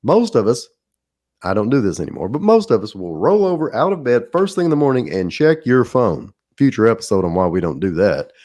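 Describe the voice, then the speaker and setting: A man's voice: mid-range voice, very animated, brisk, dark tone. A middle-aged man with a Southern drawl, hosting a podcast and telling a rambling, folksy story in a casual monologue. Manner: folksy, rambling, laughs at his own stories. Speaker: podcast host.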